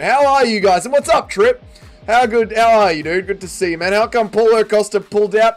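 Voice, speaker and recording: A man's voice: high voice, a little fast. A man hosting a casual livestream, greeting chat and joking around. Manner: banters with chat, jokey and animated. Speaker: livestream host. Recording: faint music behind.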